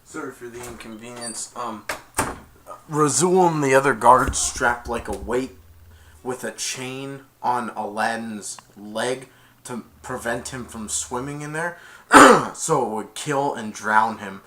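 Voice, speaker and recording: A man's voice: mid-range voice, slow pace, sharp tone, slight background noise. A man casually reviewing a film, retelling the plot in a rambling way with many "and then"s.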